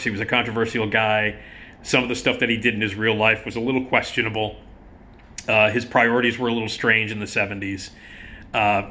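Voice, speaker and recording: Bright-voiced man rambling about film. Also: mid-range voice. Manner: rambling, conversational, restarts often. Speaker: host of an online film talk show. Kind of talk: casual talk to camera.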